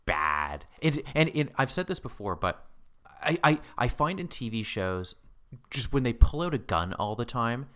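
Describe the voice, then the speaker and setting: A man co-hosting a podcast, chatting casually about a TV episode, animated and laughing often. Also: mid-range voice, normal speed. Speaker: podcast co-host. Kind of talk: casual chat about a TV show.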